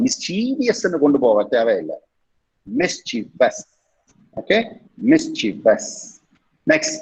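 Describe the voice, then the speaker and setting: Fast-talking Tamil-accented teacher on a video call. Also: male voice, on the high side, slightly rough. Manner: drills words by repeating them, switching between English and Tamil. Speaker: English pronunciation teacher. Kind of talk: online class lecture. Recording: muffled video call audio.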